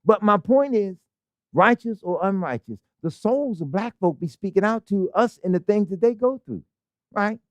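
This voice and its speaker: Lively preaching man. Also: sits high, normal speed, no room sound, highs cut off. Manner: preaching with rhetorical questions and call-and-response. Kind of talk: sermon. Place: congregation hall.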